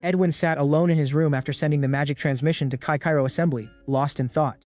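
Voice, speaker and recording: A man narrating a recap in a brisk, casual storytelling style. His voice sits a little high, and the recording is dry and close with no room sound. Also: fairly even intonation, darkish tone, no room sound. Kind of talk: scripted narration.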